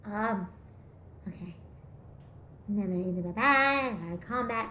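A young woman hosting a casual gameplay commentary, rambling and excitable, with bursts of shouting and laughter. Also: medium pitch, unhurried, a little hiss or hum. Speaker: VTuber gameplay host. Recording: roomy echo with game music behind.

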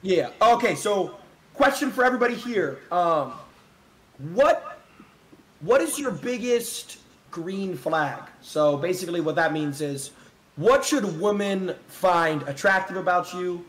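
A man's voice: high voice, animated, unhurried. A man hosting a dating game on a stream, casually steering the contestants.

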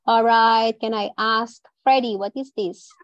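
A woman teaching English online, slowly modelling sounds and words for her class to repeat. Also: on the high side, steady tone, no room sound, lo-fi sound. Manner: slow, clearly modelling each sound and word for repetition. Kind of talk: online pronunciation drill.

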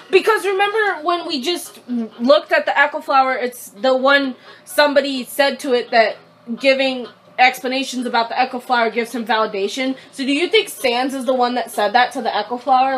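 A woman in her twenties hosting a casual game video, excitable, giggly and chatty. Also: high voice, a little fast. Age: 20s. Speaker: host. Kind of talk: casual let's play commentary.

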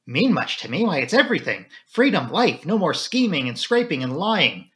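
A man's voice: a little high, lively intonation, brisk, bright, forceful tone. A man voicing a spirited young woman. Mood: eager.

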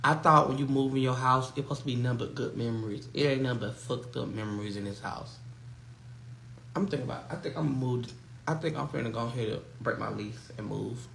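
A man's voice: mid-range voice, brisk, creaky, a bit bright, slight background noise. A young man talking to his viewers on a livestream, upset and defensive, his voice strained and tearful. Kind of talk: emotional livestream chat.

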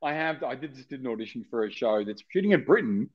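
An Australian actor in casual interview chat, rambling with many restarts and fillers. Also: male voice, mid-range voice, animated, fast, lo-fi sound. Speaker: actor guest.

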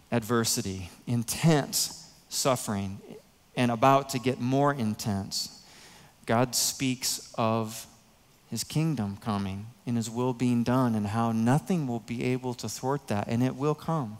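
A man preaching a sermon in a church, earnest and emotional, with soft pauses. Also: mid-range voice, big-room sound. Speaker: pastor. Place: church sanctuary.

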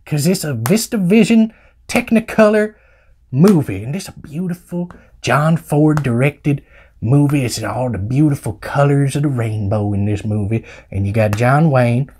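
A man's voice: mid-range voice, moderate pace, darkish tone, a little hiss or hum. A man giving a casual movie review in rambling, slangy, joking talk. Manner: rambling, slangy, jokey vernacular.

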